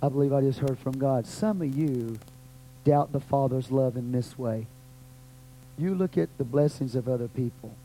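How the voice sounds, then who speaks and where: Fervent Texan pastor preaching. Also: male voice, normal speed, slight background noise, poor audio. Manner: fervent, swings from loud cries to low murmurs. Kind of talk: sermon with prayer.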